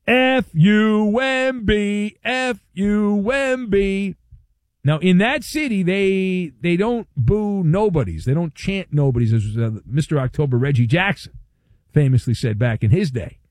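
A male sports talk radio host delivers a wry, playful monologue with hammy emphasis. His voice sits a bit high and swings widely in pitch. The studio sound is dry and close. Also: a little mellow, dry recording.

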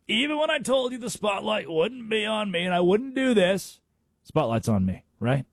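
A man's voice: high-pitched, very animated, normal speed, no room sound, clean studio sound, pitched above the performer's own voice, exaggerated voice. A man doing a mocking impression of a self-important star male athlete who craves the spotlight. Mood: smug. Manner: preening, fishing for attention. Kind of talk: mocking impression on sports radio.

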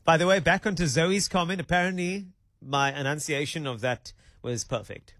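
A man's voice: a little high, moderate pace, a bit bright, no echo. A South African man hosting a radio talk show, chatty and playful in a studio. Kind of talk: casual radio chat.

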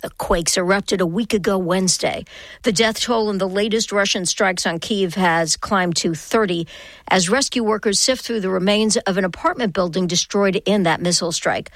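A woman anchoring a radio newscast in a measured, even delivery. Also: mid-range voice, no echo. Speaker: news anchor. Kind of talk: newscast reading.

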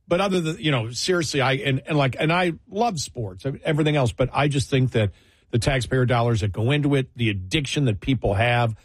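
Radio host, man, husky and rambling, dry studio sound. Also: mid-range voice, brisk, no room sound. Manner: rambling, restarts, chuckling asides. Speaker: radio talk show host. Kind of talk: casual late-night radio talk.

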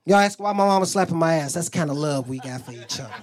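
A man's voice: on the high side, lively intonation, quick pace. A young man doing a profane stand-up routine, telling stories and acting out quotes. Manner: profane, storytelling, acts out quotes, audience laughs. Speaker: stand-up comedian.

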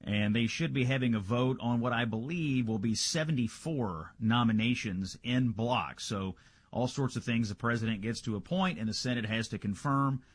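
A man's voice: medium pitch, dry recording. A male radio host giving a conversational political news rundown, checking the Senate floor live, with frequent filler "uh"s.

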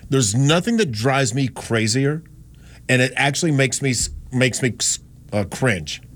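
Opinionated Southern radio host. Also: male voice, mid-range voice, lively intonation, unhurried. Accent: Southern US, Carolinas. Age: 50s. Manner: rambling, opinionated, self-correcting. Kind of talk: casual radio talk.

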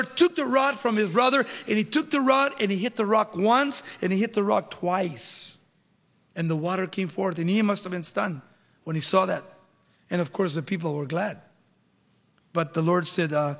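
A man's voice: high-pitched, normal speed, fairly bright tone. A male pastor preaching a sermon, emphatic, with rhetorical questions and dramatic retelling, in a church hall.

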